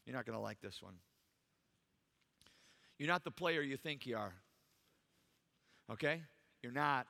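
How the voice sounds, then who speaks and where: A man's voice: mid-range voice, lively intonation, measured pace, creaky, long pauses, sharp tone, big-room sound. A man preaching a sermon in a church, emphatic and full of rhetorical questions to the congregation. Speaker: pastor. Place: church sanctuary.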